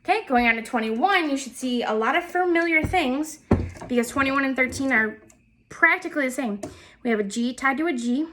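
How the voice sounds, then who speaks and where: A woman leads a step-by-step music lesson, calling out note names and counting beats patiently. Her voice sits high and sounds bright and crisp. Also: animated, brisk, a little hiss or hum. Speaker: music teacher.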